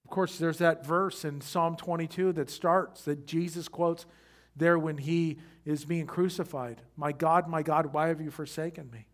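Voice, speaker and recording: A man preaching a sermon who speaks straight to his congregation with questions and rises from quiet reflection to loud emphasis. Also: a little high, fairly even intonation, measured pace. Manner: addresses the congregation directly with questions. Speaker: pastor.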